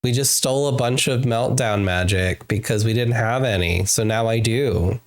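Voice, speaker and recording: A woman's voice: a bass voice, normal speed. A woman streamer chatting casually with her live viewers while gaming, playful and giggly, fond of teasing repetitions.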